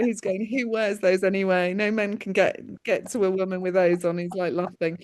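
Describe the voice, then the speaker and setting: A woman working as a medium, giving a lively reading over a video call, laughing often and calling people "my darling". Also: mid-range voice, moderate pace, hardly any pauses. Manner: animated, laughs often, relays spirit messages with warm endearments.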